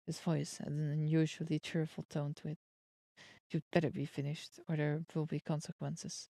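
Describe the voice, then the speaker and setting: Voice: medium pitch, flat delivery, moderate pace, gravelly, dry recording. A streamer reading a visual novel's text aloud and reacting playfully, dropping in Japanese words. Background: soft game music.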